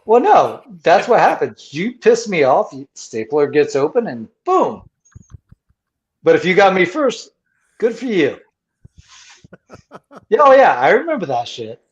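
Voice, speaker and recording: A man in his forties, a Marine veteran, telling profane, lively service stories in casual bar-room chat. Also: a little high. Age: 40s. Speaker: podcast host, Marine veteran. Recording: lo-fi muffled audio.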